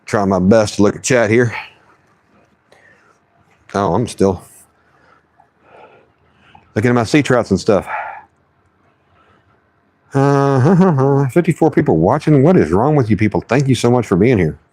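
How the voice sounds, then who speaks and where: A man's voice: mid-range voice, animated, measured pace, long pauses, dark tone. A man live-streaming while he fishes, chatting folksy and casual and reading his chat aloud. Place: outdoors on the water.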